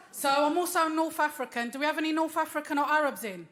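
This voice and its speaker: A woman in her thirties with a London accent, doing a stand-up set and teasing the crowd with slangy asides. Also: high voice. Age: 30s. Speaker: stand-up comedian. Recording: loud crowd and noise, live club. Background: laughing audience.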